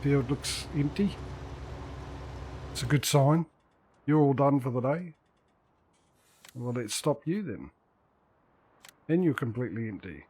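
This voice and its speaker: This time his mid-range voice is lively and a little mellow, at a measured pace with long pauses and a little hiss or hum. He casually comments on the farming game he's streaming, talking to his in-game workers and joking dryly.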